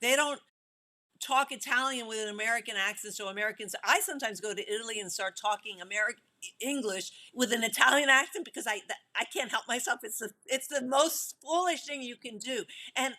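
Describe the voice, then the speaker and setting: A middle-aged woman film director talking in a casual interview, animated, often laughing and restarting her sentences. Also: a little high, fairly quick.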